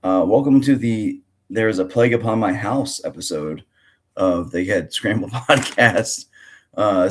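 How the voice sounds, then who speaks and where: Deep-voiced hoarse man hosting a podcast. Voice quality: froggy, gravelly. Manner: rambling, with many fillers and restarts. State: hoarse from a cold. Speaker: podcast host. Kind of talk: casual podcast chat.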